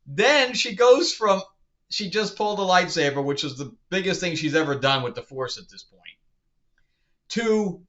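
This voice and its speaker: A man rants about a TV episode, exasperated and incredulous, often breaking into laughter. His voice is bright and forceful. The recording sounds muffled and lo-fi. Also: sits high, lively intonation, measured pace, long pauses. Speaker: TV show reviewer. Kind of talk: casual review rant. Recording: dull lo-fi sound.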